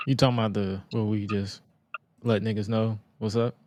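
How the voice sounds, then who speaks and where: A man's voice: lowish voice, flat delivery, moderate pace, heavy background noise. A man co-hosting a podcast, ranting bluntly and profanely in casual chat. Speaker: podcast co-host.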